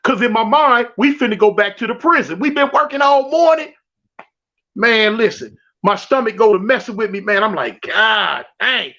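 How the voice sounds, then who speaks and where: A man from South Central Los spins a prison story in slang, repeating himself and acting out each quote. His voice sits very high. The recording sounds dull and lo-fi. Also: expressive, moderate pace, pushed and bright. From South Central Los Angeles. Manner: acts out quotes, repeats and restarts phrases, slangy. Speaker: guest telling a prison story. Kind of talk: animated storytelling.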